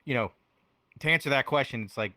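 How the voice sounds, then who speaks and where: A man's voice: mid-range voice, fast, sharp tone, no echo. Rambling laughing young-sounding man. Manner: rambling, filler-heavy, laughs often. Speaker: podcast guest, VR music performer. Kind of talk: casual chat.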